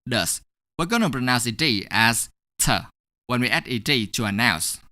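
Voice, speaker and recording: Lively, bright-voiced male English teacher. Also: mid-range voice, moderate pace, no echo, clean studio sound. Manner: clear, step-by-step explaining. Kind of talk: scripted lesson narration.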